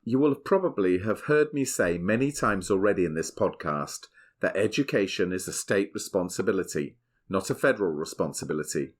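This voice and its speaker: A middle-aged man, hosting a podcast with measured, scripted explanation. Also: sits low, expressive. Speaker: podcast host. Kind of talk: scripted podcast narration and family chat.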